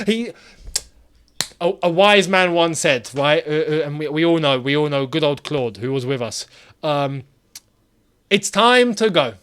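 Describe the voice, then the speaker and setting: Man, high voice, very lively pitch, casual football vlog host, chatty. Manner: animated, chatty, laughs often.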